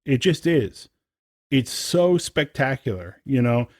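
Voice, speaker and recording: A man's voice: medium pitch, lively intonation, slow, dry recording, clean studio sound. A man co-hosting a podcast in casual chat, rambling and enthusiastic, with lots of fillers. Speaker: podcast co-host.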